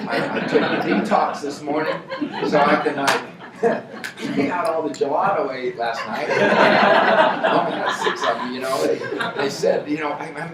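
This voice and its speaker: A man giving a rambling motivational speech to an audience, often laughing and building up to shouting. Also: medium pitch. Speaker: motivational speaker at a company event. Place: event hall with an audience. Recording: echoey hall, mic from far off.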